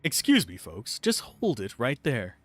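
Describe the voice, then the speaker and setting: A man's voice: mid-range voice, wildly swooping pitch, a little slow. A man reading out the lines of a stubborn talking wooden dog figure from a role-playing video game, in a near-everyday voice. The delivery is plain and firm.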